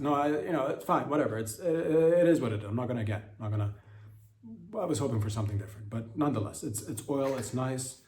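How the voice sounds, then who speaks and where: A man doing a rambling, profane comedic podcast monologue that jumps into excited, high-pitched asides. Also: quick pace, a little hiss or hum. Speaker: podcast host. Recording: roomy echoey sound.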